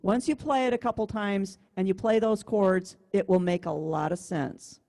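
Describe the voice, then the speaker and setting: A woman's voice: mid-range voice, normal speed, vocal fry, mellow. A woman music teacher giving an online class, explaining step by step with patience and counting beats aloud over a computer mic. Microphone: computer mic on a video call.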